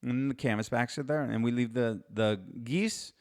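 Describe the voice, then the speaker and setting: A middle-aged man with a smooth, resonant voice, pitched in the ordinary middle range for a man. He tells a story casually as a podcast host. He wanders, restarts his sentences and drops dry asides. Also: moderate pace, darkish tone.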